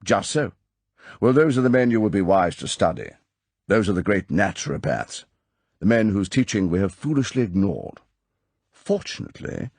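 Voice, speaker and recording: A man's voice: on the low side, sing-song, moderate pace, darkish tone, slightly rough, no echo, voice pushed up, exaggerated voice. A man voicing a stern older male spymaster who lectures in a clipped, commanding way, from an audiobook reading. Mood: insistent.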